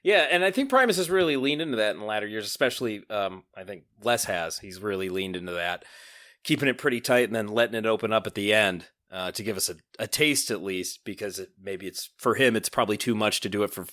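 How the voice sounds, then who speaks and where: A man's voice: lowish voice, fast. A man hosting a podcast, chatting animatedly about a song and laughing often. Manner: animated, laughs often, quotes lyrics in voices. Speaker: podcast host. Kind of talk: casual podcast chat about music.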